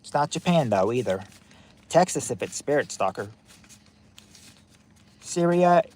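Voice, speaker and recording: A man's voice: mid-range voice, expressive, unhurried, darkish tone. A man hosting a family quiz game on a livestream, reading questions and chatting with viewers by name, often repeating himself. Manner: chatty, repeats phrases, reacts to chat names.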